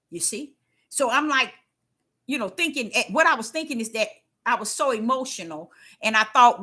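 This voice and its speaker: An older woman giving a casual spiritual testimony, folksy and emphatic, repeating herself and swinging between loud and hushed. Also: high-pitched, lively intonation, normal speed. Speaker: faith talk host.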